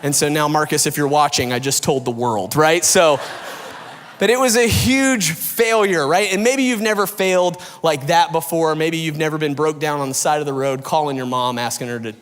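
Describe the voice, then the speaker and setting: A man preaching a sermon as a pastor, telling a story in a lively, self-mocking way and acting out what people said. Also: on the high side, a little fast, few pauses, clear, resonant tone. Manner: animated and self-mocking, acts out quotes, laughs often. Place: large church hall. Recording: long hall reverb.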